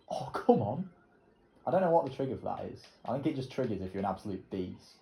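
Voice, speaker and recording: A man's voice: lowish voice, dark tone, echoey room. A young man, rambling casually and swearing as he comments while playing a racing game. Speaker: gaming video creator.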